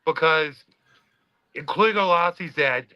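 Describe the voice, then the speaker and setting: A man's voice: a little high, a little slow, clear, resonant tone, no echo, muffled recording. A man, a former college football player, telling a story in casual podcast chat and acting out the quotes with swearing.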